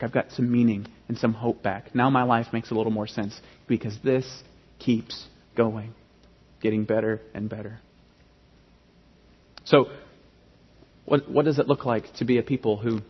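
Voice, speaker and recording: A man in his thirties preaching a sermon as pastor, emphatic and animated, often restarting his phrases. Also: medium pitch, slightly rough. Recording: dull sound with long hall reverb.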